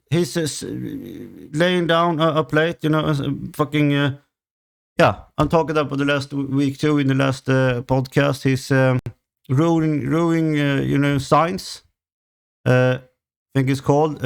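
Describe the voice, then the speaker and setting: A man with a Swedish accent, frustrated and swearing a lot, ranting on his own podcast in a halting way full of fillers. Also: medium pitch, vocal fry, clean tone. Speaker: channel host. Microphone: home recording setup.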